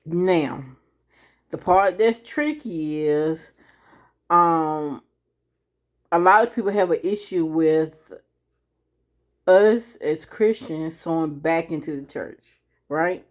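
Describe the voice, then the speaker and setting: Woman, lowish voice, slow and unhurried. Casual Bible teacher, talks conversationally and checks in with "right?". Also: expressive. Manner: reads scripture slowly and deliberately. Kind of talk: informal Bible teaching to camera.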